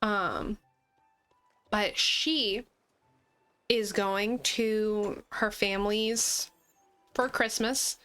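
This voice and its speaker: A woman hosting a gaming video, chatting casually while she plays, animated and often laughing. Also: medium pitch, extremely slow, pauses often. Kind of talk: casual chat while playing a game. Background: faint game music.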